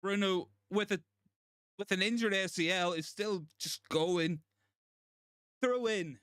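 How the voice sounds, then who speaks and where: Excitable stammering man on a live watchalong. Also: high voice, slow, smooth, dry recording, studio quality. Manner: excitable, stammering, repeating himself in disbelief. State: shaken and overwhelmed. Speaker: fan channel host. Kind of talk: live football watchalong commentary.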